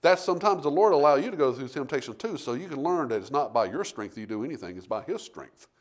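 A middle-aged man preaching a sermon, telling homey stories and building to forceful emphasis. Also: mid-range voice, expressive, fast talker. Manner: folksy storytelling preacher, rising to forceful emphasis. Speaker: pastor.

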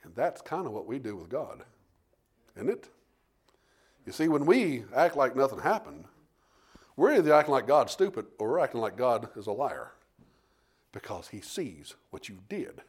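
A man preaching a sermon in a folksy storytelling way, calling out for amens and swinging between loud emphasis and hushed tones. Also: medium pitch, sing-song, normal speed, pauses often, slightly rough. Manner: folksy storytelling, calls out "Amen?".

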